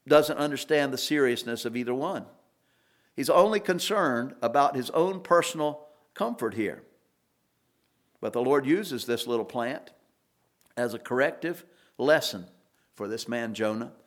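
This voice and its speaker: A man preaching an expository sermon, earnest, with rising emphasis on key points and occasional restarts. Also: mid-range voice.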